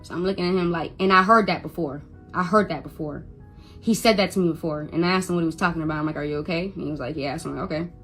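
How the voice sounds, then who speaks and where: A woman's voice: lowish voice, very fast, fairly bright tone, faint music behind. A young adult woman, a mother, telling an emotional first-person story, stuttering and repeating words when upset and quoting others as she goes.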